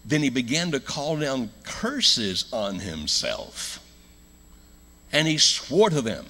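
An American man preaching a sermon in a church, telling a story with loud emphatic lines and hushed low ones. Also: big pitch swings, takes it slowly. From United States.

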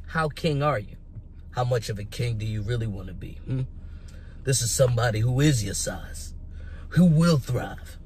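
A young man giving casual, hyped commentary as a vlogger, animated and emphatic, with rhetorical questions and repeated words. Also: mid-range voice, slight background noise. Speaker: vlogger making predictions.

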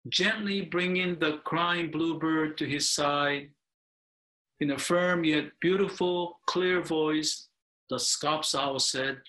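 An older male minister reads a picture book aloud at a slow, unhurried pace. His voice is bright and a little high, and he pauses now and then to explain the story. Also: low-quality recording. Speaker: Buddhist minister. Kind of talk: reading a picture book within a sermon.

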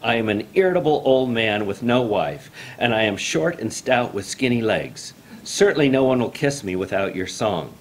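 A man's voice: medium pitch, lively intonation, moderate pace, hardly any pauses, close to an everyday voice. A man voicing an irritable old male water bug, short and stout, who pleads and turns bitter. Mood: pleading. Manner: pleading, then bitter and angry.

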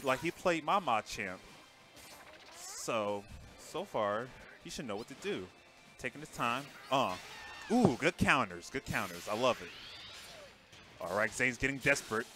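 A man gives relaxed, chatty live commentary on a fighting game tournament, excitable yet a little slow and pausing often. He shifts from loud outbursts to low mutters while soft music plays underneath.

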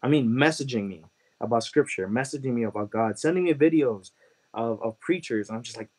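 A man from Chicago telling his conversion testimony as a guest, earnest and halting, with many "like" and "you know" fillers. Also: medium pitch, darkish tone, husky, poor audio. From Chicago, USA. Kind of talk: personal testimony storytelling.

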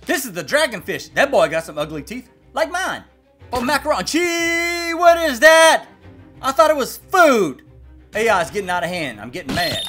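A man hosting a reaction video, cracking quick jokes with sudden loud exclamations. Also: fairly high pitch. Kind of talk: jokey reaction commentary.

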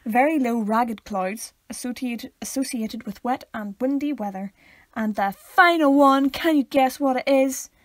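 A young Northern Irish woman with a high voice chats casually as a podcast co-host. She cracks deadpan jokes and stumbles a little when reading aloud, close to the mic in a dry room. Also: no room sound. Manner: playful, deadpan jokes, reads aloud haltingly. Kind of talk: casual chat.

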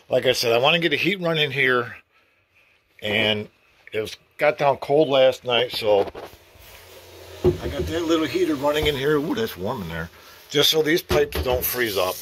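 A man's voice: medium pitch, a bit bright. A man casually vlogging a home-improvement project in his garage, rambling and chatty with mild cursing. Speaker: DIY vlogger.

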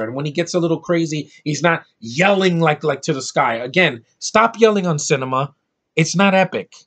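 Husky man ranting about movies. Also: a little high, a bit bright. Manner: blunt, profane, rambling with restarts. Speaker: movie reviewer. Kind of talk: ranting film review.

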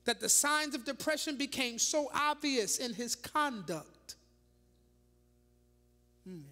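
A woman bishop preaches slowly in a high, bright, sharp voice, her sermon echoing with long reverb through a large church hall. She's animated and dramatic, throwing rhetorical questions at the congregation and adding laughing asides.

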